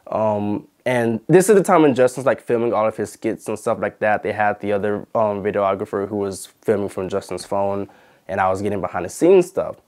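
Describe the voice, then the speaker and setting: Low-voiced man telling a storytime vlog. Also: fairly quick, darkish tone. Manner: chatty, retells arguments, many fillers. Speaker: YouTube channel host.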